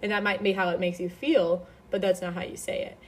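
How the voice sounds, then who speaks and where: A woman's voice: on the low side, little pitch movement, a little fast, breathy edge. A young woman hosting a podcast, giving casual faith-based advice in a chatty way full of fillers and restarts. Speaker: podcast host.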